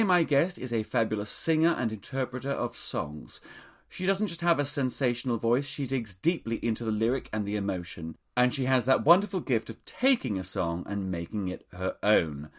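A man's voice: medium pitch, big pitch swings, moderate pace. A man hosting his own podcast, camp, theatrical and self-mocking in casual chat. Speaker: podcast host. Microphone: studio microphone.

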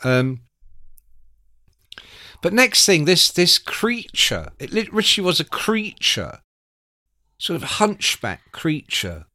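An older man in his sixties tells stories in a bright, lively voice that swings widely up and down. His talk is casual and salty, and he acts out other people's voices along the way. The sound is dry and close. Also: fairly high pitch, slow, pauses often, no echo. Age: 60s. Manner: animated, swears freely, acts out voices in anecdotes. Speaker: music journalist and podcast host. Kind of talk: casual anecdotal storytelling.

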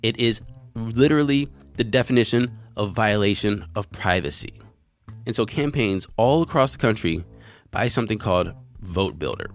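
A man's voice: fairly low pitch, lively intonation, moderate pace, faint music behind. A man hosting a crypto news show, reading out articles and giving his opinion in a conversational, earnest way.

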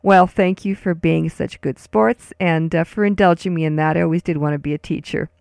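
A woman with a low voice and a gravelly edge leads a casual lesson. She coaxes the listener to repeat each word, with light laughs and plenty of ums. The sound is dry and close. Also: fairly even intonation, fairly quick, darkish tone, dry recording. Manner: friendly, guides listener to repeat words. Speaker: language host.

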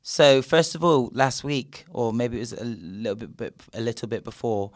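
A man's voice: medium pitch, moderate pace, no echo, clean studio sound. A young man ranting sarcastically and swearing freely while hosting a casual podcast chat. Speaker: podcast host.

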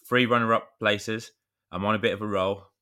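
A man's voice: on the low side, steady tone, moderate pace, bright, forceful tone, clean tone. A man, co-hosting a podcast and telling a rambling story in casual chat. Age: 30s. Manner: rambling storyteller, chatty with mild swearing. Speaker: podcast co-host.

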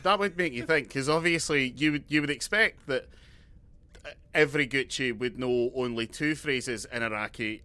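A man co-hosting a casual comedy chat, delivering absurd jokes in a dry, deadpan way. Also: mid-range voice, normal speed. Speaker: podcast co-host.

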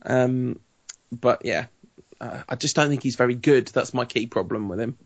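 A man's voice: medium pitch, normal speed. A man co-hosting a podcast, telling football stories with wry enthusiasm and frequent laughter. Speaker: podcast co-host. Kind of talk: casual chat.

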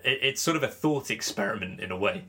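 A man hosts a cricket podcast in casual chat, joking, teasing his co-host, and mimicking commentators. His voice is lowish with lively intonation, and he talks fast in a pushed, bright way.

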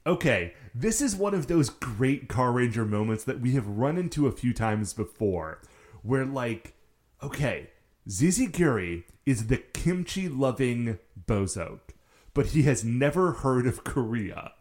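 A man's voice: medium pitch, expressive, a little slow, a little mellow. A man co-hosting a casual chat, musing in a laid-back, rambling way full of fillers. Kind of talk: casual chat recapping a show.

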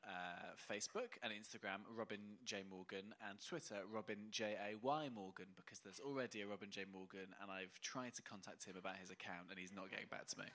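A man, a comedian on a live panel, deadpan and sweary. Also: on the low side, fairly quick, few pauses. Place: live venue with audience.

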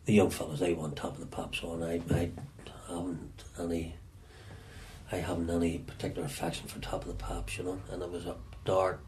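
Deep-voiced Northern Irish man, halting. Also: monotone, darkish tone, a little hiss or hum. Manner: halting, repeats words as he searches for them. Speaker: interviewee recalling his past. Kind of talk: reflective storytelling.

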